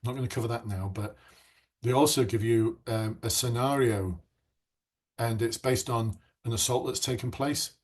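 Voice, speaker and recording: A man's voice: mid-range voice, normal speed. A middle-aged man coaching would-be police officers in a live online masterclass, chatting and reacting to viewers' comments.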